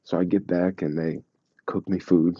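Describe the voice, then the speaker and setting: Deep husky-voiced man telling travel stories. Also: unhurried, no echo, lo-fi sound. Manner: animated, acts out quoted voices, laughs, slangy. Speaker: vlogger telling travel stories to live chat. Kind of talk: casual storytelling chat.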